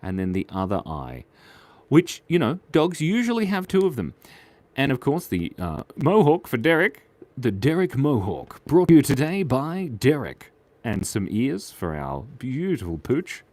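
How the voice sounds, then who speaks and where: A man hosting a live drawing stream, chatting playfully and excitedly with viewers. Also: medium pitch, unhurried, no room sound. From Australia. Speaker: livestream drawing host.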